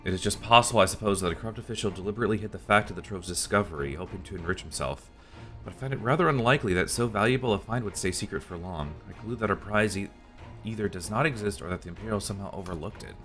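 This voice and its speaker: A man's voice: on the low side, rapid-fire, fairly bright tone, soft background music, close to an everyday voice. Man doing a prim, precise scholar. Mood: formal.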